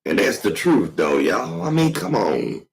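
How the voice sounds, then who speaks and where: A man with a cold and a hoarse throat, rambling casually to his viewers in slangy, swear-filled talk. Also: lowish voice, huge pitch swings, a little slow, low-quality recording. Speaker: vlog host.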